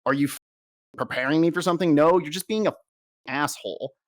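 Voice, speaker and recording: A man's voice: on the high side, fairly quick. A young adult man, a soldier, giving a blunt and heavily profane personal account in an interview.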